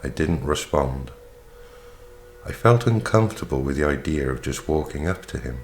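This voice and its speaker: Very deep, gravelly male narrator. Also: expressive, moderate pace, a little hiss or hum. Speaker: audiobook reader. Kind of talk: audiobook narration. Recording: reading over faint background music.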